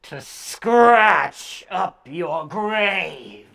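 A woman voicing a relentless monster hunting for its toe, with slow, drawn-out groans that swell to shouts. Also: fairly low pitch, lively intonation, gravelly, heavily acted. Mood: menacing.

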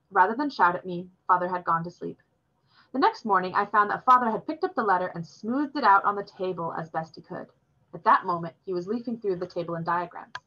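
A woman reading a novel chapter aloud in a steady, plain storytelling voice. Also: fairly low pitch, dull audio. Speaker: reader.

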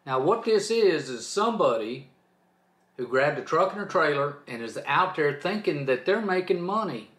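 A man's voice: fairly high pitch, very animated, normal speed, fairly bright tone, echoey room. A man hosting his own trucking channel, talking off the cuff in a fired-up, preachy, emphatic way. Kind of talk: off-the-cuff vlog rant.

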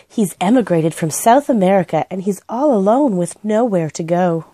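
A woman reading aloud and voicing a cheerful, kind young girl who chatters brightly and eagerly. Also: medium pitch, normal speed, slightly rough, dry recording. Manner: bright, chirpy and excited.

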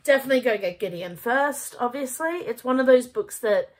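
Woman, book vlogger, gushing, animated, slightly high voice. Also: brisk. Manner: gushing and animated, swearing casually. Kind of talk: casual book review vlog.

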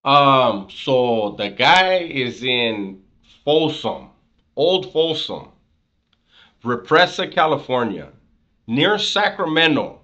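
Bright, sarcastic male commentator. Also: mid-range voice, very animated, slow pace, highs cut off. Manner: sarcastic, skeptical asides. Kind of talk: reaction commentary.

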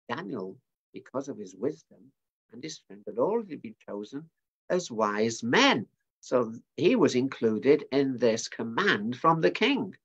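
A man's voice: mid-range voice, lo-fi sound. A man preaching at a family service, retelling a bible story in a chatty way with asides to his listeners.

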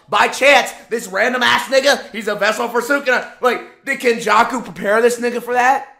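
A man giving a profane, exasperated rant as an anime commentator, firing off rhetorical questions and often shouting. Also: very high-pitched, vocal fry.

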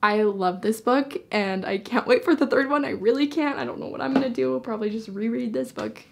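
A young woman excitedly reviewing a novel in a casual vlog, gushing and peppering her talk with "like". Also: on the high side, a little fast, creaky, background noise. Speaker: book reviewer.

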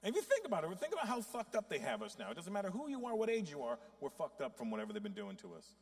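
Animated man doing stand-up, high lively voice. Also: very fast, gravelly, hardly any pauses. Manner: animated, swings into loud high outbursts; profane storytelling. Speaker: stand-up comedian. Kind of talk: stand-up comedy.

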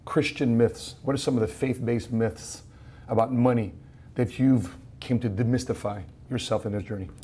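A man from the Philippines hosting an interview, telling stories eagerly and chiming in with quick agreement. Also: mid-range voice, fairly even intonation, dark tone, a little hiss or hum. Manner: eager, storytelling, quick affirming "yeah"s. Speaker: podcast host. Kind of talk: casual interview chat.

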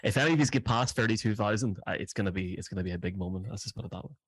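A man's voice: on the low side, very fast, breathy edge, no echo, clean studio sound. An Irish man, the show's producer, chatting in playful, teasing podcast banter. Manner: playful, teasing self-flattery. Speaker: show producer.

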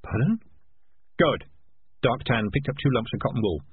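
A man narrating a storybook audiobook in an expressive reading voice. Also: medium pitch, fast talker, slightly rough. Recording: tinny lo-fi with faint hiss.

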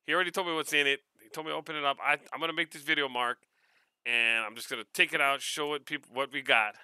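A man from Hawaii with a Hawaiian-tinged accent, casually unboxing mail on his vlog, excitable and quick to laugh. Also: a little high, smooth, no echo. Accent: Hawaiian Pidgin-tinged English. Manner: excitable, laughs often, repeats words. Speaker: vlogger.

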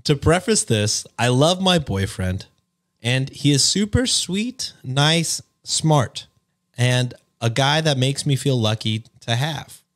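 A man's voice: medium pitch, expressive, takes it slowly, a bit bright. A man co-hosting a show, reading a post aloud with laughs and jokey asides. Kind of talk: casual reading and reacting.

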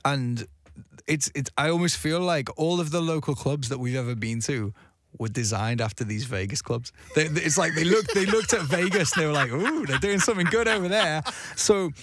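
A man's voice: fairly high pitch, normal speed, a bit bright, no room sound. A young man talking casually as a guest DJ in a radio studio interview, chatty and self-deprecating, with frequent restarts.

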